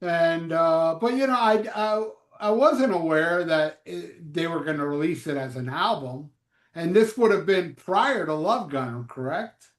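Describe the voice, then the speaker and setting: A man's voice: fairly high pitch, measured pace. A man in his fifties hosting a live show, talking in a loose, joking, rambling way with lots of fillers. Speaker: host. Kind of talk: casual live show chat. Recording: echoey room.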